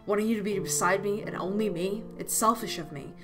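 A woman's voice: mid-range voice, fairly quick, close to an everyday voice. Woman voicing a guilt-ridden lovesick young man for a visual novel; earnest, plain read. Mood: anguished. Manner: reading earnestly, confessional. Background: game music.

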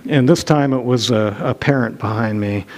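This middle-aged pastor, speaking at normal speed in a mid-range voice, preaches in a church sanctuary. He recounts a personal story casually and self-deprecatingly, restarting frequently.

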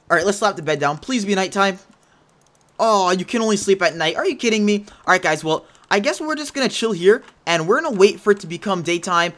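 A man hosting a video game let's play, chatting to viewers and breaking into panicky yelling when things go wrong, speaking into a headset mic. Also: high voice. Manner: excitable, panicky yelling under pressure. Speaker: gaming channel host.

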